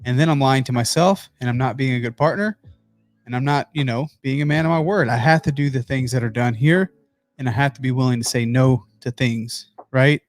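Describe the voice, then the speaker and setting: Guy hosting a pumped-up business pep talk from his home office, soft music in the back. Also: medium pitch, fairly quick. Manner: energetic, emphatic, addresses viewers as guys. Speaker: host.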